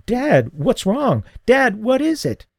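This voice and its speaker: A man reading aloud plays a cheeky teenage boy from an audiobook, his voice pushed high and strained. The sound is dark and mellow. The recording is dry and close, with no room at all. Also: big pitch swings, normal speed, vocal fry, no room sound. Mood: panicked. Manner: raised pitch, strained and urgent.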